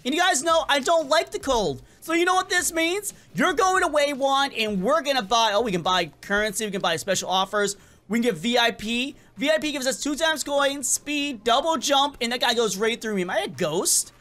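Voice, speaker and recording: A man giving casual, excitable gameplay commentary as a gaming channel host, often stumbling and repeating words. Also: extremely high pitch, moderate pace. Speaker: gaming YouTuber.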